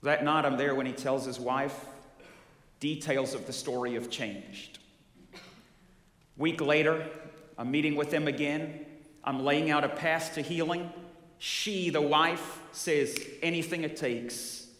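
A man's voice: on the high side, steady tone, measured pace, long pauses, fairly bright tone. A man pastor preaching a sermon, talking directly to the congregation with questions and vivid stories. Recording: echoey hall with long reverb.

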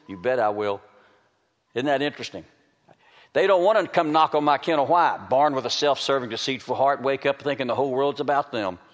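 Male preacher, folksy, punchy loud bursts, long hall reverb. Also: mid-range voice. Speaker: preacher and dog trainer. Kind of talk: sermon.

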